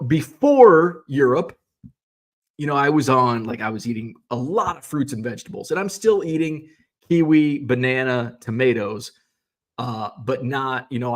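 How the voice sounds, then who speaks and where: A man talks off the cuff from behind the wheel, rambling from one complaint to the next. He swears freely and sounds exasperated as he vents. His pitch sits in an ordinary middle range. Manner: rambling, profane, exasperated ranting. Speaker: vlog host. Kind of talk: casual rambling monologue.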